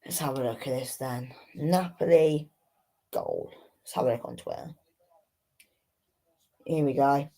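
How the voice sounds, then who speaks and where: A woman's voice: rumbling low, wildly swooping pitch, a little slow, creaky, long pauses, warm tone, low-quality recording. A woman giving a live football watchalong, exasperated and swearing as she talks to herself about the match. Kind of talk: live match reaction commentary.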